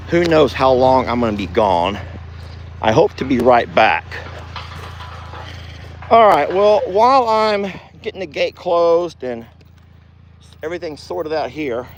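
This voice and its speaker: A man's voice: fairly high pitch, a little hiss or hum, low-quality recording. A man chatting folksily as host of a farm livestream, outdoors. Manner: folksy, chatty, calls loudly to his deaf dog. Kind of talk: casual livestream chat.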